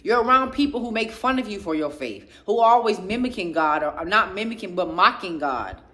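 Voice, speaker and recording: A woman's voice: mid-range voice, expressive, a little fast. A woman giving an emphatic, preachy motivational talk on faith and growth, stacking repeated phrases in rhythmic lists. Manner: speaks passionately, getting louder, then drops quieter. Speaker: faith and self-growth speaker.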